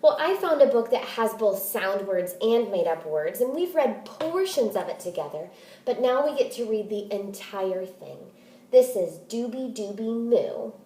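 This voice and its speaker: A woman teacher reading a picture book aloud and explaining it, in a deliberate, expressive manner. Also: medium pitch, roomy sound.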